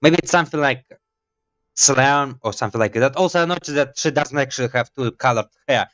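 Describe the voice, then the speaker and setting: A man's voice: mid-range voice, brisk, fairly bright tone. Gamer guy chattering away at himself while he plays, jokey and rambly, muffled mic. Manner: rambling, self-mocking chatter. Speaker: gaming YouTuber. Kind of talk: let's play commentary.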